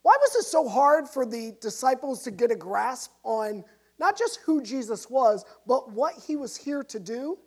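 A woman pastor giving a sermon, telling a story and shifting from hushed to lively. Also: high voice, measured pace. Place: church.

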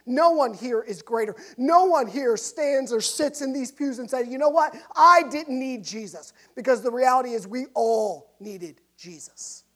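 Woman pastor, mid-high voice, storytelling sermon with wide dynamic swings. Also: breathy edge. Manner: storytelling, swings from hushed to lively. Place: church.

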